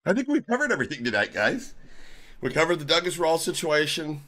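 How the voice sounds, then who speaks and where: A man's voice: a little high, big pitch swings, a little fast, bright, forceful tone. A man hosting a live stream, talking in a sarcastic, mock-polite and profane way. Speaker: streamer host. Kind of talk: casual live-stream rant.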